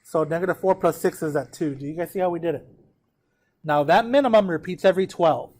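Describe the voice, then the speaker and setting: Talking fast in a darkish, slightly high voice, a man teaches a math class. He leads students through a graph one step at a time, counts numbers aloud, and regularly checks that they're with him.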